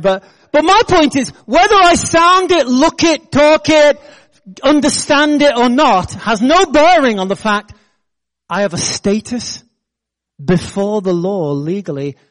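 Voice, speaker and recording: Preaching in British English, this middle-aged man has a fairly high, bright-edged voice and a lively, chatty pulpit style. His sermon alternates between snappy, self-mocking jokes with laughter and slower, serious moments.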